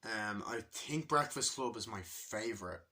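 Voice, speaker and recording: A man's voice: lowish voice, a little slow, pushed and bright. A man giving a casual spoken movie review, rambling and enthusiastic, and swearing often.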